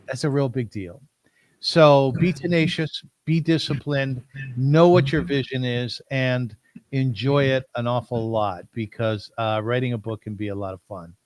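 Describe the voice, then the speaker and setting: Man, podcast host, mid pitch, earnest, encouraging, dry close sound. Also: no room sound. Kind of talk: interview hosting.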